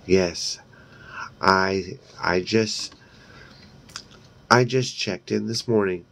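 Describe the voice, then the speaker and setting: A man's voice: low voice, very slow, gravelly, a bit bright, full character voice. A man reading aloud and voicing a centuries-old female vampire who poses as a schoolgirl, coy and calculating.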